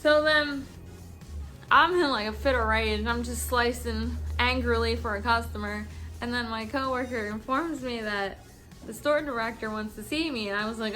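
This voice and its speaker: Tipsy young woman vlogger, higher voice, rants and laughs through a work story to camera. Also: moderate pace, bright, forceful tone, faint music behind. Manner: laughing often, swearing, acting out coworkers' lines. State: tipsy from drinking.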